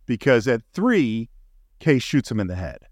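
A man's voice: mid-range voice, big pitch swings, measured pace, a little mellow, dry recording, studio quality. A man co-hosting a casual podcast, retelling film scenes with enthusiasm. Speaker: podcast co-host.

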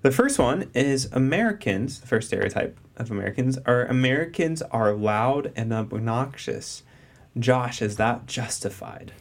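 A man's voice: medium pitch, lively intonation, measured pace. A young man in casual chat as co-host, playful, telling riddles and reading from an article.

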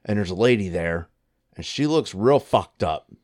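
Animated, profane storytelling man. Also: normal speed. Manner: animated, profane, jumps into high excited voices for quotes. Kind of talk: casual storytelling chat.

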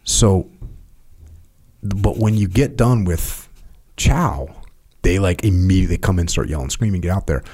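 Man, low-pitched, podcast host, casual chat, emphatic storytelling. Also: unhurried, mellow. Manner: storytelling, emphatic, repeats phrases for weight.

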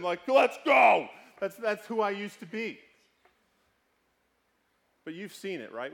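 A male pastor in his thirties preaching a conversational sermon, swinging between sudden loud outbursts and quiet, hushed passages. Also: on the high side.

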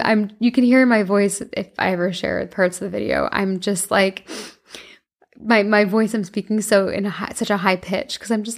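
A woman's voice: mid-range voice, fairly even intonation, normal speed. A young woman in her twenties casually telling a personal story to her viewers, chatty and emotional, with many fillers and restarts. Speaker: vlogger.

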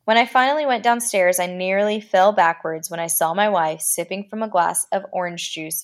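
A woman podcast host reading a horror story aloud, with a dramatic delivery that slows down for the creepy lines. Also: on the low side.

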